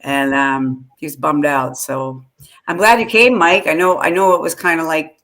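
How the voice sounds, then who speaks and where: A woman's voice: deep voice, fairly even intonation, normal speed, a bit bright. A woman co-hosting a casual live-stream chat, chatty and laughing, greeting viewers by name. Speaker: podcast co-host.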